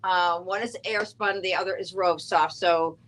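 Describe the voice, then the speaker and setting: A woman's voice: on the low side, fairly even intonation, measured pace, noisy background. A middle-aged woman hosting a casual live knitting show, chatty and giggly, reading out viewer comments. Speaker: host.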